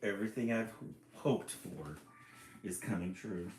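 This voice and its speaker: A man's voice: on the low side, a little slow, darkish tone, reverberant, slight background noise, close to an everyday voice. A man voicing an earnest little owl knight. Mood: resolved. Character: small earnest young male owl knight.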